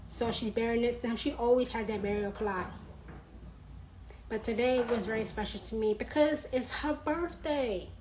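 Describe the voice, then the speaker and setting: A woman in her thirties talking earnestly in a personal vlog, repeating her points and laughing softly now and then. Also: a little high, slight background noise, rough recording. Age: 30s. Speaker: vlogger.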